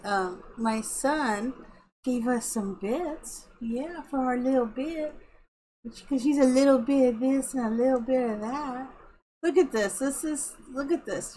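Woman streamer, middle-aged, slow drawling chat, higher voice, faint hiss behind. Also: darkish tone, poor audio. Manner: slow and chatty, cooing baby talk to her cat. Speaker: live streamer. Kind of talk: casual game-stream chat.

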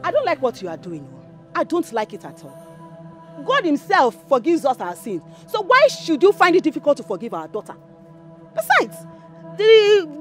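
A pleading village mother. She keeps pressing her husband with questions, her voice swinging widely in pitch. Faint music plays behind. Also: fairly bright tone, full character voice.

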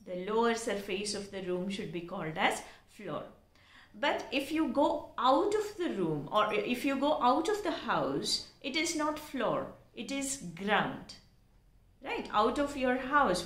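A woman, teaching pronunciation by spelling out words and explaining them slowly and carefully. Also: fairly high pitch, a bit bright. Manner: slow, careful and deliberate. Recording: echoey room.

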